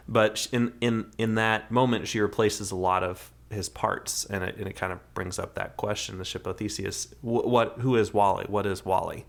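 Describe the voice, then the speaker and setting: Low-voiced man rambling about a movie. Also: gravelly, a bit bright. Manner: rambling, restarts, acts out characters' lines. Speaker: podcast co-host. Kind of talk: casual movie review chat.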